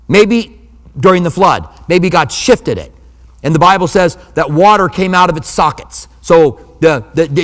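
A man's voice: sits high, big-room sound. A man preaching a sermon as pastor, in a conversational manner with humorous asides.

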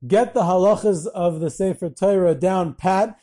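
A man with a high, mellow voice tells rabbinic anecdotes in a storytelling lecture. He lifts his voice when quoting the people in his stories and mixes in Yiddish and Hebrew terms. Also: normal speed.

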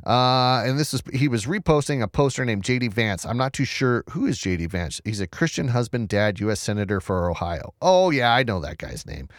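A man hosting a casual news commentary show from a home setup, talking in a chatty, sarcastic way with lots of restarts. His voice sits at an ordinary middle pitch, and the recording is dry and close, with no room sound. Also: big pitch swings, a little fast, hardly any pauses, dry recording. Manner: chatty, sarcastic, stumbling restarts, reads screen aloud.

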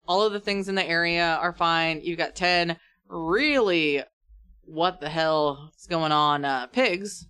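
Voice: mid-range voice, slow pace, pushed and bright, clear, resonant tone. A game master narrating a tabletop game, who laughs often while describing the action.

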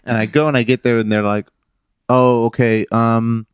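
A man co-hosts a casual chat at a middling pitch, recorded close and dry. He sounds laid-back and jokey, laughing along as he tells his side of the story. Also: flat delivery, moderate pace, smooth, no echo.

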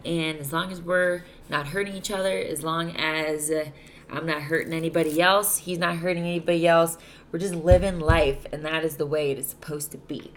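Tired woman, low voice, swearing casually. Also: fairly even intonation, moderate pace, slight background noise. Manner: candid, rambling, swears freely. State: exhausted. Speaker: podcast host. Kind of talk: casual solo podcast chat.

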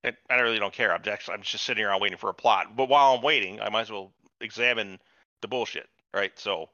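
A man's voice: fairly low pitch, fast, sharp tone, dry recording. A man hosting a podcast, ranting about a show in casual, profane chat. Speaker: podcast host. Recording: dull lo-fi recording.

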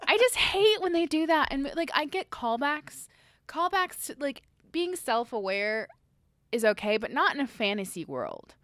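A woman's voice: high-pitched, normal speed, no echo, studio quality. A woman in casual conversation, ranting with frequent swearing about a TV show's ending. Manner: animated, swears freely, ranting. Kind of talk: casual podcast chat.

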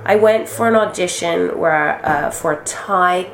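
A woman acting as interview guest, telling lively stories in casual chat, acting out quotes and swearing freely. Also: fairly low pitch, measured pace. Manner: animated storyteller, acts out quotes, swears freely. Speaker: actress and guest. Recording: roomy echo with faint noise.

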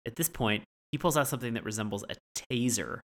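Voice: mid-range voice, fast, a bit bright. A podcast co-host casually recapping a cartoon episode, hesitant, with fillers and restarts.

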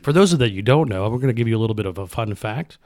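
A man's voice: on the low side, expressive, very fast, a little mellow. A man co-hosting a casual podcast chat, jokey and fond of quoting films. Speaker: podcast co-host.

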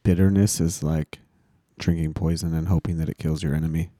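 Very deep-voiced laid-back man. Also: steady tone, brisk, dark tone, no room sound, clean studio sound. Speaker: podcast co-host. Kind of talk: casual faith talk.

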